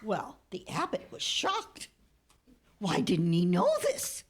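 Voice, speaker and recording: Slow, hushed woman minister preaching. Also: fairly low pitch, wildly swooping pitch, breathy edge. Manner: slow, heartfelt storytelling with hushed, whispered moments. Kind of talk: sermon with storytelling. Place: church sanctuary.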